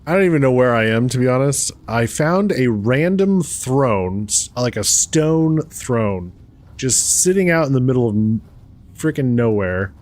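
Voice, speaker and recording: A man's voice: mid-range voice, expressive, unhurried, a little mellow. A man hosting a let's play, chatting casually with viewers and laughing often. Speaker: gaming channel host.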